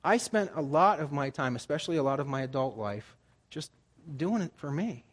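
Animated man in his forties preaching. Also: normal speed. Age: 40s. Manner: conversational, animated, jumps into higher pitch for emphasis. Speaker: pastor. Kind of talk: sermon.

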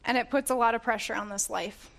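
Woman preacher, earnest teaching tone, pitch on the higher side, warm scripture reading. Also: steady tone, fast talker, gravelly. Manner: earnest, laughs often, self-correcting restarts. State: getting emotional.

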